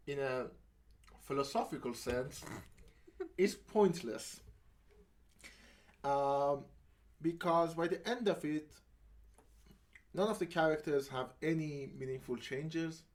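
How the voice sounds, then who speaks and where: A man co-hosting a film podcast in casual chat, blunt and profane, laughing often as he talks. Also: on the high side. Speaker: podcast co-host.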